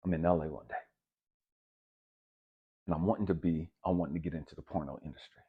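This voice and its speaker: A man giving a raw, profane personal testimony, swinging between hushed and loud. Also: rumbling low, fairly even intonation, fast, slightly rough, narrow, tinny audio. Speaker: speaker sharing a personal testimony.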